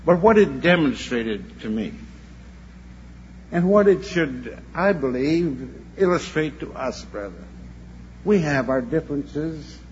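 An older man gives a sermon at a church convention, unhurried and earnest. He stumbles and repeats a word now and then as he tells his story. The recording is dull and lo-fi, with a faint hum behind him. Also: fairly high pitch, animated, a little mellow.

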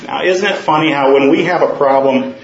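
A man's voice: a little high, a little fast, a little hiss or hum. A male preacher giving a sermon, earnest and storytelling, with rhetorical questions. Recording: roomy, dull sound.

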